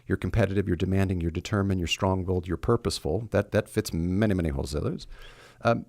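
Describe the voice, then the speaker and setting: A man's voice: low-pitched, fast talker, creaky, darkish tone, no echo, clean studio sound. A man hosting a podcast interview, asking long, winding questions. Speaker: podcast host.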